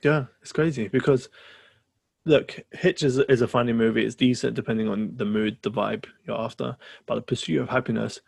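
A man's voice: mid-range voice, steady tone, brisk, vocal fry, husky, dry recording, studio quality. A man co-hosting a podcast in casual chat, rambling with fillers and restarts. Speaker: podcast co-host.

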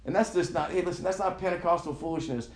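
Preaching in an echoey room, this pastor has a high-pitched voice and a quick pace. His sermon is loose and conversational, and he frequently gets the congregation to say words back to him.

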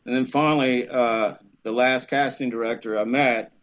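A man, an actor guest, telling a lively anecdote, acting out voices and laughing often. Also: medium pitch, normal speed, muffled recording. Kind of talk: animated storytelling.

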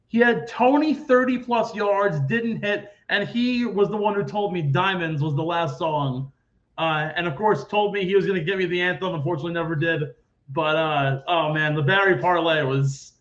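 A man hosting a casual sports podcast, talking in an animated, rambling way and acting out quoted people loudly. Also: high-pitched, dull audio. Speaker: podcast host.

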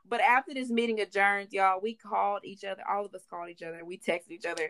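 A woman's voice: mid-range voice, fairly quick, few pauses, fairly bright tone, no room sound. A young woman in her twenties co-hosting a podcast, telling a work story in casual, slangy chat and slipping into voices when she quotes people. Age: 20s. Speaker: podcast co-host.

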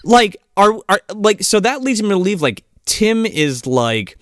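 Animated, high-ish man, casual podcast. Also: unhurried, no echo, studio quality. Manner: profane, rambling retelling with many fillers. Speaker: film podcast co-host. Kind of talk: casual film discussion.

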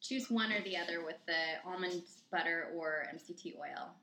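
A woman's voice: on the low side, moderate pace, bright, forceful tone. A young woman guest giving earnest, informative nutrition tips in a casual chat. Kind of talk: casual explaining. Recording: echoey room with faint noise.

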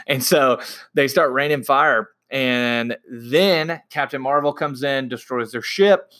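Young male film fan, bright tone, rambling and excitable. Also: medium pitch, takes it slowly. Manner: excited, rambling with many fillers and restarts. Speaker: movie reviewer. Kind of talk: casual movie recap.

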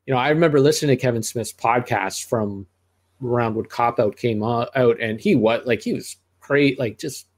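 A man's voice: mid-range voice, normal speed. Rambling middle-aged man reviewing movies. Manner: rambling, with frequent restarts and asides. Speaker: podcast co-host reviewing movies. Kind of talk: casual movie-review chat.

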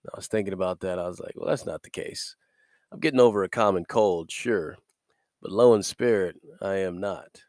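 Male devotional podcaster, a little stuffy from a cold, low-pitched, recorded dry and close. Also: a little mellow, no room sound. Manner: upbeat and preachy, laughs between points. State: recovering from a cold. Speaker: podcast host.

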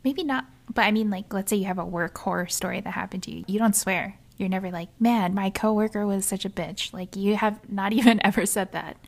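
A woman's voice: medium pitch, fast talker, vocal fry, hardly any pauses. A young woman co-hosting a casual podcast chat, teasing and laughing often. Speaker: podcast co-host.

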